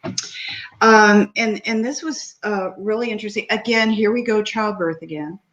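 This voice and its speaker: An older woman guesting on an interview show tells a personal story in a meandering way, full of fillers and quoted dialogue. Her mid-range, slightly bright voice stays steady at a normal pace, and the audio is dull and lo-fi.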